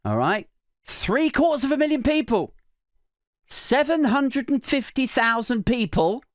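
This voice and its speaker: Sarcastic male podcast host, lively voice. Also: measured pace, dry recording, clean studio sound. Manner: sarcastic, rambling, swings between high mock outrage and low mutters. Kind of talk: satirical comedy monologue.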